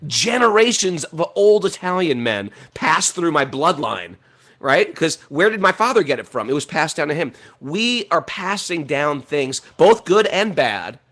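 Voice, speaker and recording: A middle-aged man talking in a casual, animated way about spiritual life, laughing often as he tells stories. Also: a little high. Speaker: podcast host.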